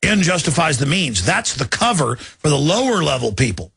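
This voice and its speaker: A male radio host pours out fervent, impassioned commentary that swells toward shouting. His voice is gravelly and husky at a middle pitch. The sound is dry and close to the mic. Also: sing-song, normal speed, no room sound. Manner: fervent, building to shouted outrage. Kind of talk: ranting political commentary.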